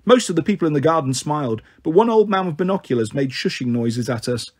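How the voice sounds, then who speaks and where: Husky male reader of a children's novel. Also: animated, fast talker, a little mellow. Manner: voices the characters with a raised pitch. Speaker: storyteller. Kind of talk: reading a children's novel aloud.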